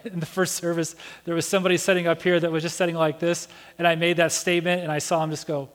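A man preaching as a pastor, telling a story with animated acted-out voices. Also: a little high, quick pace, hardly any pauses. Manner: animated storytelling, acting out Bible characters' voices. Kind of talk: sermon. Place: church sanctuary. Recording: church hall reverb.

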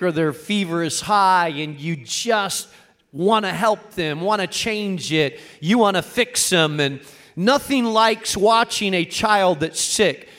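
High-voiced man preaching a sermon. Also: a bit bright. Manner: earnest preaching, rising to emphatic peaks. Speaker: pastor.

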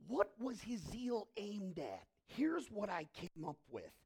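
A man preaching a sermon as pastor, dropping to hushed asides and rising to loud, drawn-out declarations. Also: sits high, wildly swooping pitch, vocal fry, husky.

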